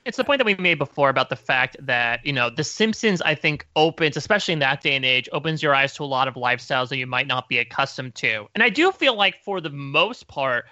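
A man's voice: medium pitch, animated, fairly quick, few pauses, pushed and bright, no room sound, muffled recording. A man in a casual podcast discussion, giving his opinion with frequent "sort of" hedges. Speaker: podcast panelist.

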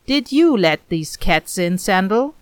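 Woman reading as a frustrated grown man, urgent, exasperated, lively lilt, dry sound. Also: medium pitch, measured pace, dry recording, natural voice. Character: adult male mage, frustrated homeowner. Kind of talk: read-aloud dialogue.

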